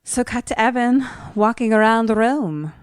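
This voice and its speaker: A woman's voice: on the high side, lively intonation, measured pace, clear, resonant tone, no echo, studio quality. A woman co-hosting a podcast, casually retelling a film's plot and laughing often.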